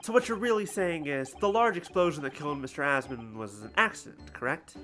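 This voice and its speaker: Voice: medium pitch, expressive, a little fast, fairly bright tone, faint music behind, voice pushed up, lightly acted. A streamer reading a polite young lawyer. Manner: polite, questioning. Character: polite, earnest young male defense lawyer.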